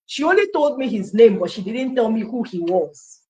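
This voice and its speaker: A Nigerian woman telling her life story as an interview guest, an animated storyteller who acts out quoted dialogue and slips into Pidgin. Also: a little high, normal speed. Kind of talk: personal testimony in an interview.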